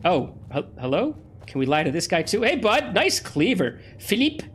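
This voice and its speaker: Playing through a video game, a let's play host delivers chatty, excitable, casual commentary at normal speed. His pitch swings widely and sits a bit above most men's, he sounds slightly under the weather, and faint noise runs behind him.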